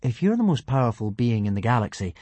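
A woman's voice: a bass voice, big pitch swings, quick pace, warm tone, husky, no room sound, exaggerated voice. A woman voicing a polite, earnest young boy who speaks plainly. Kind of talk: audiobook character voice.

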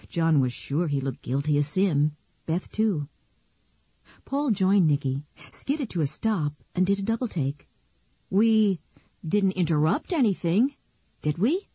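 A female audiobook narrator with a low, warm voice and a soft, breathy texture. She tells the story in an even, unhurried way. The recording is close and dry, with no room around it. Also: dry recording. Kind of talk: scripted narration.

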